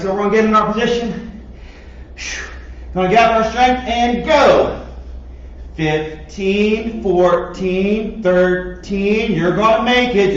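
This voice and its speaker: A man, a martial arts instructor, leads a home PE class for kids, counting down reps and cheering them on while he works out himself. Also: high-pitched. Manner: encouraging, counts reps aloud; exercising along while talking. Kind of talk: coaching a home workout class. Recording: echoey, distant, dull lo-fi room sound.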